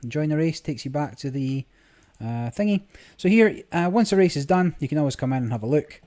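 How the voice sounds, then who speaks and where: A man's voice: fairly high pitch, lively intonation, a little fast, a little mellow. A man giving casual, rambling commentary on his screen recording, with many fillers. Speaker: gaming vlogger. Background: game music.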